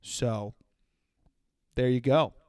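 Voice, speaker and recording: A young man hosting a comedy podcast, telling a story in an animated way and acting out the people he quotes. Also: mid-range voice, drawn-out words, clean tone, no echo, clean studio sound. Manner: animated storytelling with acted-out quotes and sudden shouts. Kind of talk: solo comedic monologue.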